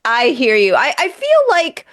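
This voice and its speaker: A woman's voice: a little high, lively intonation, moderate pace, fairly bright tone. A woman hosting a podcast interview, laughing often and asking long, rambling questions in a casual way. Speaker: podcast host.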